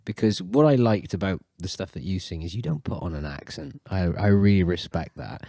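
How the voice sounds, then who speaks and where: A Welsh man hosting a podcast, chatting in an animated way. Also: sits low, a little fast, creaky, dry recording. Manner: animated, jumps into mocking voices. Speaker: podcast host. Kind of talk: casual podcast chat.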